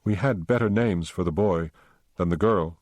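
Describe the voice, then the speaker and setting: A man softly voicing a grieving, tearful young wife. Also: deep voice, moderate pace, no room sound, lightly acted.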